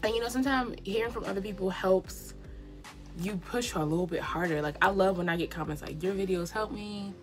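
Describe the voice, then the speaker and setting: Faint music hums behind a young adult beauty vlogger as she does her makeup indoors at home, chatting casually in a get-ready-with-me style. She speaks a little fast in a medium-pitched, fairly even voice, using slang and encouraging words.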